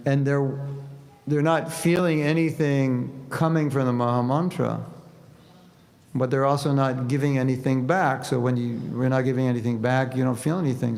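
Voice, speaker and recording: Gravelly-voiced man preaching in a hall. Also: medium pitch. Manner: conversational, animated when quoting prayers. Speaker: spiritual teacher. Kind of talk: sermon with humor. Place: temple hall. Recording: reverberant hall with faint noise.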